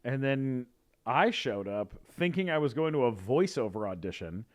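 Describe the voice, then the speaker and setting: A man's voice: mid-range voice, big pitch swings, moderate pace. A man telling a story in casual chat, rambling with many fillers and restarts. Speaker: guest.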